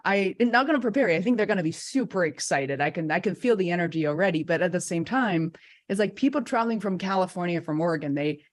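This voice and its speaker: Lively woman host, lowish voice. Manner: animated, acts out quotes, laughs often. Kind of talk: casual interview chat.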